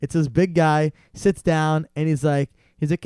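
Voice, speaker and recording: Speaking a little slowly in a smooth, fairly high voice, a young man appears as a podcast guest and spins a long, casual story. He animatedly performs other people's lines, quoting salesmen in their voices, in clean studio audio with no room sound.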